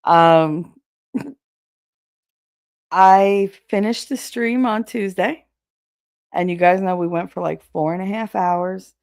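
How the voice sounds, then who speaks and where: A middle-aged woman telling a story on her livestream, animated, laughing often and swearing freely. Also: mid-range voice, slow, gravelly, pauses often, clean tone, no room sound, clean studio sound. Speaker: streamer.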